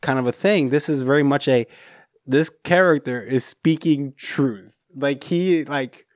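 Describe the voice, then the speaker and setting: In a casual chat, an American-accented podcast host retells a movie scene with animation, performing the lines himself. His mid-range voice moves a little slowly, recorded at studio quality with no room sound.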